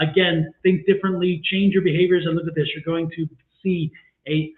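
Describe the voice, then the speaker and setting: A man co-hosting a tarot livestream, giving a reading in a chatty, repetitive way and laughing easily. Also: a little high. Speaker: tarot reader and co-host. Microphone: livestream call audio. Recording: echoey, tinny phone-like stream audio.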